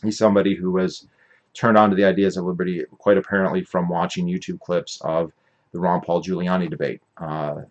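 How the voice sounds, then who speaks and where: Deep-voiced guy rambling on his podcast, opinionated, keeps correcting himself. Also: lo-fi sound. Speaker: podcast host. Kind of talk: casual monologue recap.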